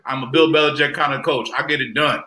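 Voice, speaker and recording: A man's voice: a little high, fairly even intonation, fast, roomy sound, a loud crowd, poor audio. A man on a podcast panel, chatting casually and playfully bragging about getting away with things. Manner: boastful, playful, trash-talking. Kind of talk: joking casual chat.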